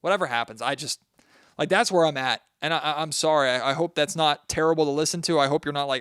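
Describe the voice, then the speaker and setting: A man's voice: on the high side, quick pace, a bit bright, smooth, dry recording, clean studio sound. A man hosting a solo sports podcast, venting his frustration and talking straight to his listeners. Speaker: podcast host.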